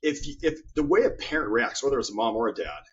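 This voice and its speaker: A man with a husky, slightly breathy voice talks earnestly as a guest in an interview. He builds his points through stories, often doubling up on words as he speaks. The audio is muffled and lo-fi, with its top end dulled. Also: medium pitch, big pitch swings, quick pace. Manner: earnest storyteller, repeats words. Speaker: guest author. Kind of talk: interview conversation.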